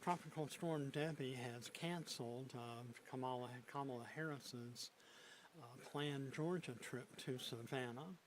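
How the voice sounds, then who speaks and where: A man anchoring a local TV news broadcast from a studio desk, often restarting his sentences and filling pauses with "uh". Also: medium pitch, low-quality recording. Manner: halting, frequent fillers and restarts. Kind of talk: news broadcast with unscripted asides.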